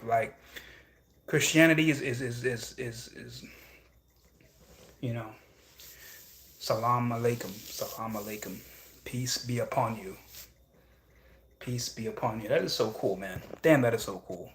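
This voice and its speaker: A man's voice: mid-range voice, a little hiss or hum. Casting: young male streamer, loose and repetitive, mid-range voice, chatty. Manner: rambling, repeats phrases, frequent "you know what I'm saying". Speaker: livestream host reading chat. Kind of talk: casual livestream chat.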